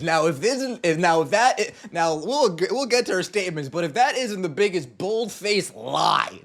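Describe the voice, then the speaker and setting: A man's voice: high-pitched, animated, moderate pace, vocal fry, few pauses, fairly bright tone. A man hosting a podcast, giving scornful, sarcastic sports commentary and mocking what others said. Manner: sarcastic and scornful, mocking quotes in put-on voices. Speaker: podcast host.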